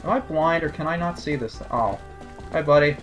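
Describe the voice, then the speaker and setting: A man's voice: on the high side, moderate pace, a bit bright, soft background music. A man giving casual, sarcastic commentary over a video game playthrough. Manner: sarcastic, joking asides. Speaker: let's play commentator.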